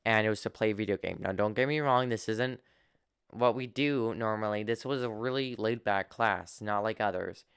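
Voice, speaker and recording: A young man talks through a personal story with halting, earnest phrasing and frequent restarts. His voice sits low and comes through very clean. The sound is close and dry, with no room around it. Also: a bit bright, clear, resonant tone, no room sound. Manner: earnest and open. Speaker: vlogger.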